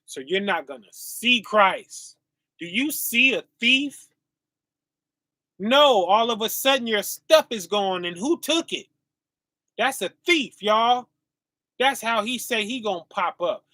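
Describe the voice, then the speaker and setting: A male preacher with a high, animated voice, pushed and bright, reads scripture in a dry recording. He draws the verses out slowly and keeps tossing in call-and-response asides, often asking his listeners "right?"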